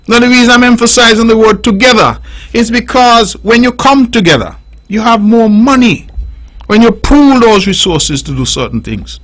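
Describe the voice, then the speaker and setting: A man's voice: sits high, a bit bright, low-quality recording. A middle-aged man with a Nevisian accent, hosting radio call-in commentary in an emphatic, repetitive, preaching way on a studio microphone. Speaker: radio talk show host.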